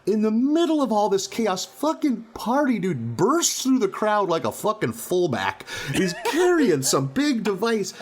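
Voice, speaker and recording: A man co-hosting a podcast, a stand-up comic telling a profane, animated story in casual chat, often laughing. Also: high voice, unhurried.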